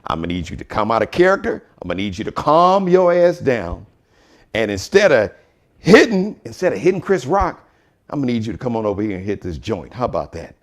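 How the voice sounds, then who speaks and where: A man's voice: mid-range voice, very animated, fairly quick, voice pushed down, lightly acted. A man putting on an impression of an indignant older father who scolds a younger man in an exasperated, lecturing way.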